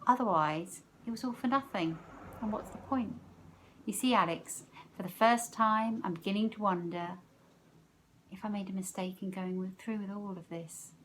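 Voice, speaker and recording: A woman teacher reading a novel aloud, expressive, letting her loudness rise and fall with the story. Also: mid-range voice, normal speed, a little hiss or hum.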